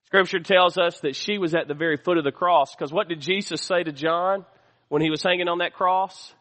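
A man delivers a sermon from the pulpit, his voice pitched high and bright. He keeps drawing responses from the congregation as he preaches. The sanctuary adds a long, lingering reverb behind him. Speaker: pastor. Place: church sanctuary.

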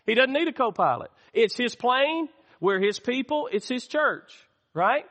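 A man's voice: very high voice, animated, measured pace, a bit bright, long reverb tail. A man preaching a sermon as pastor, calling out to the church and asking for amens. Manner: call-and-response preaching, asks the church for amens. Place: church sanctuary.

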